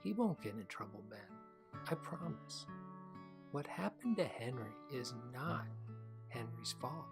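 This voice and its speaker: A man's voice: medium pitch, expressive, a little slow, creaky, music in the background. A man voicing an earnest father. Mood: emphatic. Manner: emphatic.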